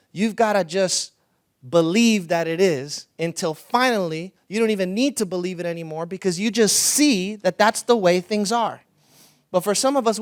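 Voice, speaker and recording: A man's voice: high-pitched, dry recording, clean studio sound. A young adult man preaching a conversational sermon as a pastor, telling stories. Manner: conversational, storytelling with laughs.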